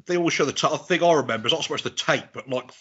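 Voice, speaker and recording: A man's voice: a little high, very fast, pushed and bright, breathy edge, muffled recording. A man in his forties telling rambling, sweary stories in a casual podcast chat. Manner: rambling, sweary storytelling with restarts. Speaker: podcast guest.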